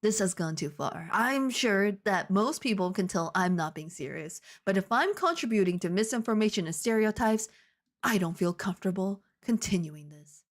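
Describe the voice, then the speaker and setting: A woman reading the part of an exasperated dark wizard who whines in protest, close to her own voice. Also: mid-range voice, expressive, normal speed, close to an everyday voice. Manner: whiny, exasperated.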